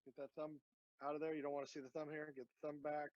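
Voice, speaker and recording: Earnest halting veteran man. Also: a little high, little pitch movement, darkish tone, no echo, lo-fi sound. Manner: earnest, halting with many fillers. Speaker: veteran guest. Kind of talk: casual interview talk.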